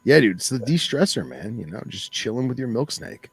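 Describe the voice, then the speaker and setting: A man's voice: mid-range voice, sing-song, brisk, slightly rough. A man co-hosting a podcast in laid-back, enthusiastic casual chat. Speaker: podcast co-host.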